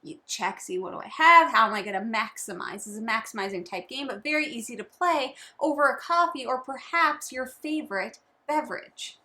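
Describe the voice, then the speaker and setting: Bright, lively woman chatting about board games. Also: a little high, a little fast, hardly any pauses. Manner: chatty, playful, teasing. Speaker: board game channel co-host.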